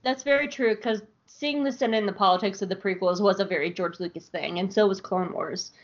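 A woman co-hosting a podcast, giving an animated, jokey recap in casual chat. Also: mid-range voice, fairly quick, highs cut off. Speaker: podcast co-host.

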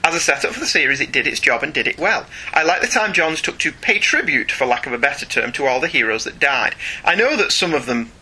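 A man's voice: on the high side, fast, slightly rough. A man co-hosting a casual podcast, chatting and reading listener emails aloud with frequent laughs. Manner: chatty, animated, laughs often, reads aloud. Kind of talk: casual chat.

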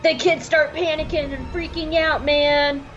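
A woman co-hosting a podcast, giving an animated comedic episode recap and laughing at her own slips. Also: sits high, unhurried. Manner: animated, laughing, self-correcting. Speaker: podcast co-host. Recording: dull lo-fi sound with faint music.

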